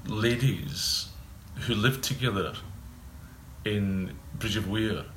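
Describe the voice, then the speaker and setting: A man telling anecdotes in a casual interview, with halting restarts. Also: lowish voice. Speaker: writer guest. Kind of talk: casual chat. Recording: roomy with faint ambient noise.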